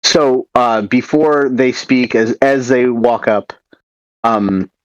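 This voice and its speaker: A man's voice: medium pitch, takes it slowly, dry recording, muffled recording. A man taking part as a player in a casual tabletop role-playing game, talking in an easygoing way.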